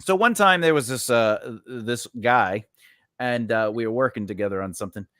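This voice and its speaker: A man in casual live-stream chat, telling a story in an animated way. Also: medium pitch, normal speed, no room sound, studio quality.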